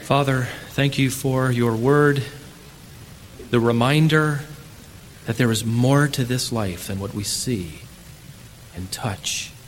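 Male pastor, sermon, dramatic loud-to-hushed delivery, echoey hall, faint background noise. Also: medium pitch, slow, pauses often.

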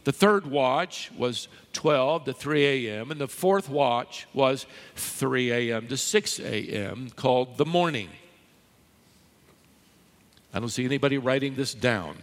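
A man's voice: mid-range voice, expressive, unhurried. A man preaching a sermon to a live congregation, emphatic and teasing the listeners. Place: large church hall with live audience. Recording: long hall reverb.

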